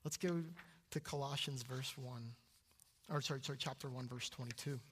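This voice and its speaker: A young adult man preaching a sermon, jumping to loud high exclamations and dropping to hushed low asides. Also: steady tone, normal speed, slightly rough. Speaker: pastor.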